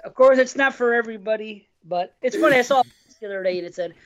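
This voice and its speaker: A man's voice: very high voice, quick pace, fairly bright tone. A man co-hosting a podcast, talking bluntly and emphatically in casual chat, with plenty of swearing. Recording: muffled lo-fi mic.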